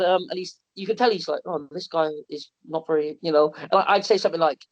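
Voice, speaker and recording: A man telling animated, self-mocking stories on a podcast, often restarting and laughing. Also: a little high, quick pace, few pauses. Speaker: wrestler and wrestling promotion owner. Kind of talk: podcast interview storytelling. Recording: slightly muffled podcast audio.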